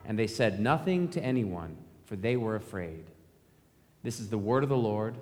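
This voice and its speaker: A man's voice: fairly low pitch, animated, normal speed, darkish tone. A man preaching a sermon as pastor, speaking conversationally and asking the congregation rhetorical questions. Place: church sanctuary. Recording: long church reverb.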